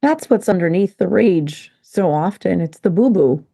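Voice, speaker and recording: A woman's voice: fairly low pitch, animated, a little slow, gravelly, warm tone. Plain-spoken woman in podcast chat. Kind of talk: casual podcast conversation.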